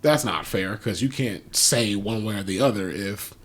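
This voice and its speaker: A man with a lowish voice chats casually as a podcast co-host. He rambles and restarts his sentences often, and he swears easily. His delivery is loose and conversational. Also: normal speed. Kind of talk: casual chat.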